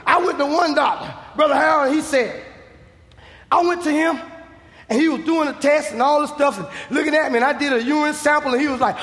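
A man preaching a sermon as an evangelist, shouting and acting out dialogue with emphasis. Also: extremely high pitch, brisk. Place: church. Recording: echoey church hall.

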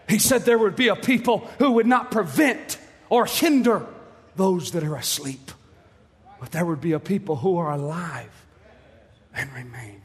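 A man preaching a sermon with passion, moving from quiet, hushed passages to shouted ones. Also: high-pitched, normal speed, in a large hall.

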